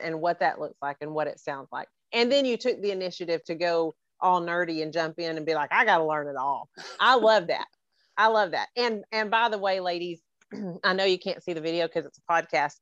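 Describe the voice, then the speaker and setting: A woman's voice: on the low side, moderate pace, a bit bright, no echo, dull audio. A middle-aged woman hosting a podcast in casual chat, playful and teasing, laughing often. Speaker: podcast host.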